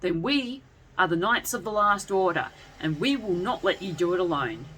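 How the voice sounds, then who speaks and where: A woman voicing a bold young girl knight who speaks forcefully. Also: lowish voice, lively intonation, moderate pace, slight background noise. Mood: resolute. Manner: forceful, loud.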